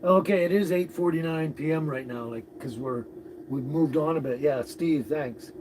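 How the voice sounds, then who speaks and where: A man hosting a casual live stream, greeting viewers and chatting in a relaxed, rambling way with frequent chuckles. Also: a little high, normal speed. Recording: noisy recording with birds behind.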